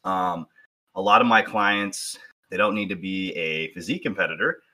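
A male fitness coach chats casually, laying out his ideas in a relaxed, upbeat way. His voice sits low but has a bright edge. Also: normal speed. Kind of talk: casual chat.

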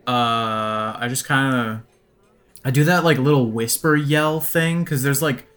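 A man's voice: mid-range voice, a little slow, fairly bright tone, soft background music. A man playing a tabletop game, searching for words with many fillers. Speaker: player. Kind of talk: casual tabletop play.

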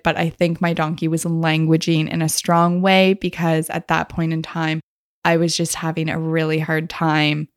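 A woman's voice: sits low, creaky, no echo, studio quality. A woman hosting a podcast, telling stories in a chatty, casual way and laughing often. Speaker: podcast host. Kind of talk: casual storytelling.

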